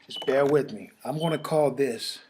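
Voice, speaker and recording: A man giving an emotional, halting testimonial and sales pitch, repeating his phrases and pausing to sigh, as if recorded on a home camera. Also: darkish tone, a little hiss or hum. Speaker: network marketing presenter.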